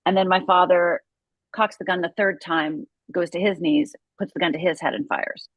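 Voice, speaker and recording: A woman's voice: on the low side, steady tone, moderate pace, no echo, rough recording. A middle-aged woman from Upper Michigan, a guest telling her life story with intense, vivid storytelling. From Upper Michigan, USA. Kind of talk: personal story in an interview.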